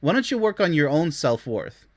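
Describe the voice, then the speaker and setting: A man's voice: a little high, big pitch swings, moderate pace. Blunt, scornful male relationship commentator. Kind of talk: reaction commentary on read-out posts.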